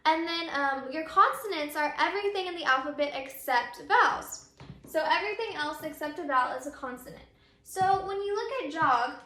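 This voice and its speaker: Woman teacher, high bright voice, patient and repetitive, echoey room. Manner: patient, repeats and models words slowly. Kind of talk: grammar lesson.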